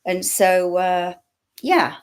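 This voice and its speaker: A woman's voice: lowish voice, very slow. Chatty English woman on a live stream. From England. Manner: chatty and rambling, many fillers, frequent laughs. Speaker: YouTube host. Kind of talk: casual live-stream chat. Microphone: built-in laptop microphone.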